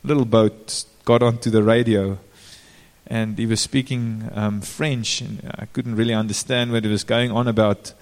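A man's voice: on the low side, flat delivery, moderate pace. A man preaching a sermon in an informal way, turning to the congregation with direct questions. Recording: long reverb of a large hall.

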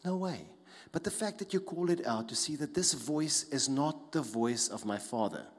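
Pastor preaching in a hall. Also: male voice, on the high side, normal speed. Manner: animated, conversational, with tag questions. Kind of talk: sermon. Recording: long hall reverb.

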